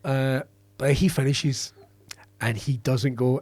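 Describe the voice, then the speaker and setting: A Scottish comedian telling a rambling, sweary anecdote in a casual podcast chat. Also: male voice, mid-range voice, fairly even intonation, takes it slowly, a little mellow, slightly rough, dry recording. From Scotland. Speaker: comedian guest.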